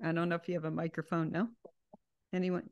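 A woman with a somewhat low voice leads a casual Bible study over a video call. She talks freely, often stopping and restarting her sentences as she explains. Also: flat delivery, fast, a little mellow, muffled recording. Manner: chatty, with frequent restarts and self-corrections. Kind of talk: informal Bible study teaching.

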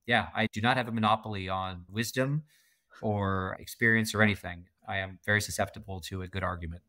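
A man's voice: fairly low pitch, steady tone, a little fast, sharp tone, no room sound. A middle-aged man from Canada, a podcast guest talking emphatically and laughing often in a casual interview.

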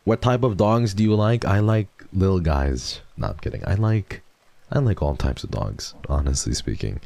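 Young male streamer, very low and warm, close dry mic, repetitive and affectionate. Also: lively intonation, normal speed, vocal fry, dry recording. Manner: rambling, repeats himself, soft and affectionate about dogs. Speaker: streamer host. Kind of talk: casual livestream chat.

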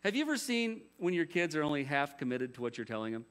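Man, pastor, sermon, conversational, rhetorical questions, jokey asides, fairly high voice. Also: big pitch swings, fast talker, fairly bright tone.

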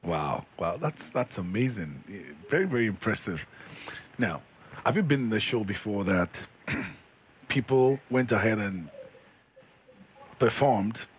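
A male talk show host asks his guest questions in a calm, encouraging way. He speaks at a middle pitch, with light hiss on the recording. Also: unhurried, pauses often. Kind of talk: interview questions.

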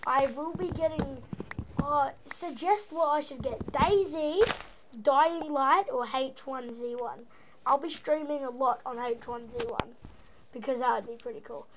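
A woman whose voice sits high speaks at a measured pace against a noisy background. Originally Australian, she fakes an American accent while playfully rambling and making silly sounds during gameplay commentary for her gaming channel.

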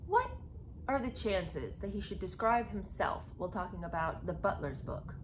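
This is a woman running a chatty video commentary on a book. Her tone is sarcastic and animated, with plenty of asides that pull the listener in. She talks like she's sharing gossip with friends. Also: lowish voice, normal speed, background noise. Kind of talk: casual book commentary with read-aloud passages.

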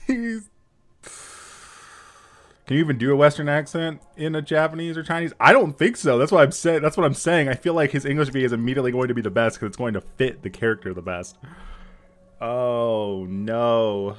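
A man in his thirties giving casual reaction commentary on a game, excitable, swearing and laughing often. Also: a little high, quick pace. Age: 30s.

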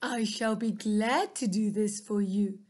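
A woman's voice: mid-range voice, a little slow, a little mellow, lightly acted. A woman voicing a hungry male fox who politely begs for food. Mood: pleading. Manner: polite, begging. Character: hungry humble male fox, pleading father.

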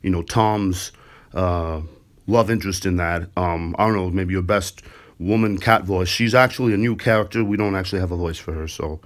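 A man's voice: low-pitched, normal speed. A man making a casual prank phone call, chatty and upbeat with lots of fillers. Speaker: prank caller, show host.

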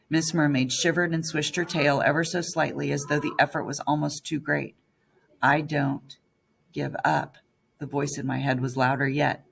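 A woman's voice: low-pitched, gravelly, slightly rough. A woman narrating an audiobook in the first person as a young girl.

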